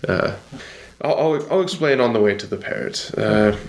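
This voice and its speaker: A man's voice: mid-range voice, animated, normal speed. A man playing a tabletop game, talking casually in a rambling, hesitant way with many restarts. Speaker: player. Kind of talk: casual tabletop role-play.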